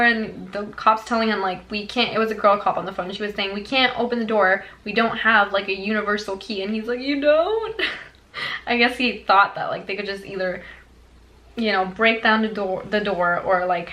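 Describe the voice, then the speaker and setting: A woman's voice: mid-range voice, low-quality recording. Chatty young woman telling a story. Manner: chatty, animated storytelling with many fillers. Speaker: beauty vlogger. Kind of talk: storytime vlog.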